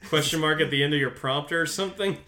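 A man's voice: a little high, fast, bright, forceful tone. A man co-hosting a casual podcast, joking bluntly and swearing freely. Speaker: podcast co-host. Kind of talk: casual rewatch podcast chat.

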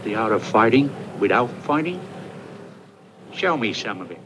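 A curious, probing stranger in an old film, his voice a bit low and set back from the mic. Faint noise sits behind the clip. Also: big pitch swings, moderate pace, fairly bright tone.

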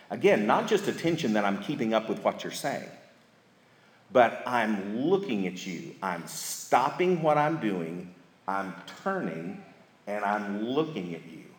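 A man's voice: on the low side, very animated, unhurried. A man, speaking at a church marriage seminar in a folksy, storytelling manner with emphatic repetition, recorded in an echoey hall. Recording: echoey hall with live audience.

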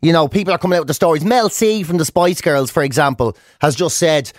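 A man's voice: a little high, fast talker, no room sound, clean studio sound. A man with an Irish accent hosting a radio show, trading playful, jokey banter in a rambling way. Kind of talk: casual comedic banter.

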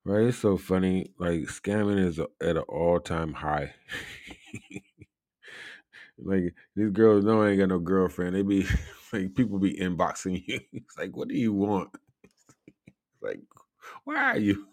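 A man with a very deep voice hosts a laid-back live show, drifting from point to point at an unhurried pace. He laughs often and fills his talk with little asides. The sound is close and dry. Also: steady tone, darkish tone, no echo. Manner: rambling, laughs often, many fillers. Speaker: show host. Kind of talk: casual live-show chat.

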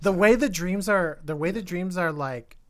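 A man talking casually through a film review, often stumbling over his words and restarting. Every so often he jumps into a louder, more animated stretch before settling back down. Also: sits high, moderate pace. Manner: rambling, many restarts, animated bursts. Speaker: podcast co-host.

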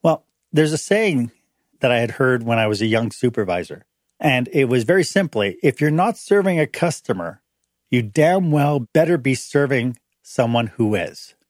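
A man's voice: mid-range voice, moderate pace, dry recording, studio quality. A middle-aged man hosting a motivational talk on management, acting out short dialogues in changed voices. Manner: animated, acts out little dialogues in changed voices. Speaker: host.

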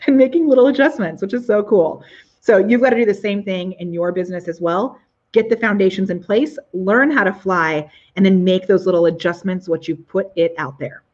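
A woman's voice: mid-range voice, brisk, darkish tone, highs cut off. A woman hosting a casual live video show from her living room, bubbly and exclamatory, gushing over her viewers. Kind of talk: casual live-stream chat.

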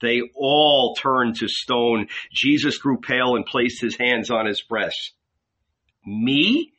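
A man narrating an audiobook of a novel in a slow, deliberate manner. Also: mid-range voice, steady tone, bright, forceful tone.

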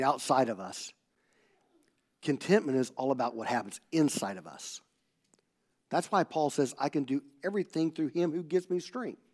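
A man preaching a sermon as pastor, telling a story and acting out the dialogue, swinging from loud bursts to hushed tones. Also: medium pitch.

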